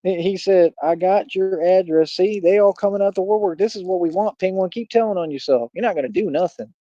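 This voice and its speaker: A man's voice: sits high, fast, warm tone, dry recording, highs cut off. A man hosting a livestream, combatively mocking and taunting a rival in a heated rant. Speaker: livestream host.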